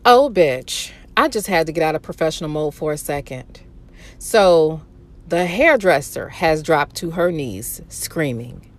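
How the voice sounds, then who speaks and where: A woman's voice: sits low, lively intonation, unhurried. A woman giving sarcastic, incredulous reaction commentary on an interview clip, swearing freely.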